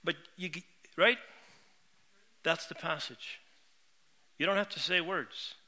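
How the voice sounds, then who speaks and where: High, sharp-toned middle-aged preacher. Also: male voice, slow. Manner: earnest, heartfelt storytelling with frequent word repeats. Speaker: pastor. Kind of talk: sermon.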